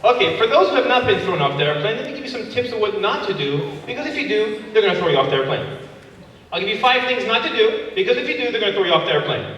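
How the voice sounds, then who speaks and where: A man's voice: high voice, very animated, fast, a bit bright, a little hiss or hum. A man in his thirties doing a stand-up comedy set, working the crowd and acting out voices and sound effects. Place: large hall before a live audience. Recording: echoey hall recorded from far off.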